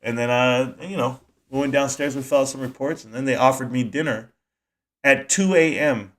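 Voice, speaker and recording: A man's voice: medium pitch, normal speed, fairly bright tone. A man hosting a casual live stream, rambling animatedly and answering his chat as he goes.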